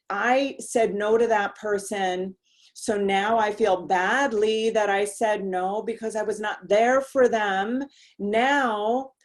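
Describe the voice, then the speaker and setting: A woman host coaching women in a motivational talk, speaking emphatically and directly with casual slang. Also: medium pitch.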